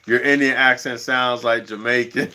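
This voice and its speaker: A man's voice: medium pitch, steady tone, moderate pace, bright, forceful tone, a little hiss or hum. A man hosting a livestream in a slangy, rambling casual chat, laughing often. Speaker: livestream host.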